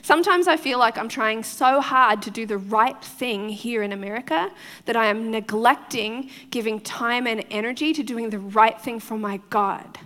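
A woman's voice: on the high side, normal speed, pushed and bright, long reverb tail. A woman pastor with a foreign accent, preaching a conversational sermon and often checking in with her listeners. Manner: chatty, often checks in with the crowd, laughs easily.

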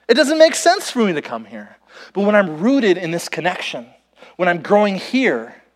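A young man preaching a sermon, telling stories and acting out conversations with lively, playful delivery. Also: sits high. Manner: animated storytelling, quotes himself and others. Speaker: pastor. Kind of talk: sermon with acted-out illustration.

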